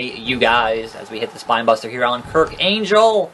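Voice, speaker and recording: A man giving casual gameplay commentary as a let's play gamer, joking around, getting excitable and swearing freely. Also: medium pitch, a little fast, few pauses, slight background noise.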